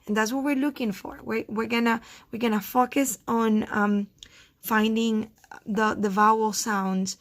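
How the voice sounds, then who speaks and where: A woman's voice: a little high, steady tone. A woman teaching first graders phonics in a recorded lesson, patiently repeating each word so children can count its syllables. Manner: slow, patient, repeats words to sound out syllables.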